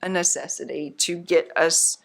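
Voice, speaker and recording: A woman's voice: on the low side, fairly even intonation, measured pace, creaky, slight background noise. A middle-aged woman, a guest, recounting her family's experience in a candid interview, earnest, practical and upbeat in how she talks. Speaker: guest, mother of a patient.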